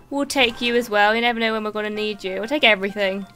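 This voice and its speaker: A woman streamer giving excitable, swearing live commentary while playing a game and thanking viewers. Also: mid-range voice, fast, hardly any pauses, soft background music.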